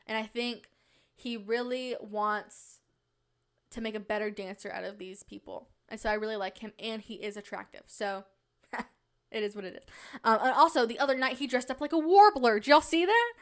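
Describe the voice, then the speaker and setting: A woman's voice: on the high side, moderate pace. A young woman hosting a podcast, telling a story in casual chat, acting out what other people said. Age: young adult. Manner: animated, acts out other people's lines in quotes. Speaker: podcast host. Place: public place.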